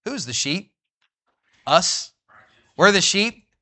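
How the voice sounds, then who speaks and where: A man preaching a sermon in a fervent way, reading scripture slowly and rising toward near-shouts. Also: high voice, sing-song. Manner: reads scripture in old-fashioned wording, slowing for emphasis.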